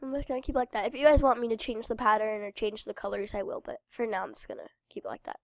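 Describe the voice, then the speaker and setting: A woman with a head cold, her nose stuffed up, rambling cheerfully through a game for her viewers. Her voice sits fairly high with a gravelly fry at the ends of phrases. The sound is dry and close, with no room around it. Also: rapid-fire, a little mellow, no room sound. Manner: chatty, rambling, talks to viewers. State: congested with a cold. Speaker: game channel host. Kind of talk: casual gameplay commentary.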